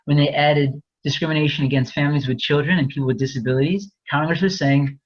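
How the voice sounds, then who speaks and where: A man's voice: on the high side, fairly even intonation, quick pace, lo-fi sound. A man presenting a fair housing webinar, explaining in a candid, conversational way with frequent restarts. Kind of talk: webinar lecture.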